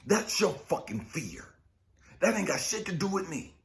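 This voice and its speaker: A man giving a raw, profane spiritual testimony as a coach, swinging between shouting and whispering. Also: on the high side, big pitch swings, normal speed. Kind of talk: emotional personal testimony.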